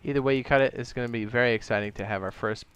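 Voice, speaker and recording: A young man casually chatting on a gaming live stream, excitable and chatty, tossing in playful sound effects. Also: mid-range voice, racing, clean tone.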